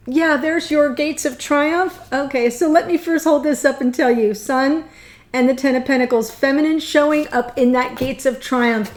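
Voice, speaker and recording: A woman giving a gushing, excitable tarot reading, choked up and near tears. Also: sits high. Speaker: tarot reader.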